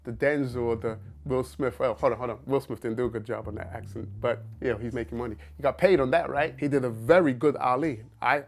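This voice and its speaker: Man actor talking casually. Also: medium pitch. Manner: conversational, restarts and quoted asides. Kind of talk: casual talk to camera.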